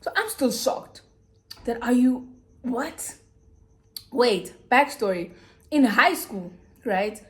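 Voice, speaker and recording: A young woman with a South African accent, telling a personal story in a casual, animated way with big swings in pitch. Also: slow pace, long pauses. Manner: animated, dramatic retelling with swooping pitch. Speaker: YouTuber.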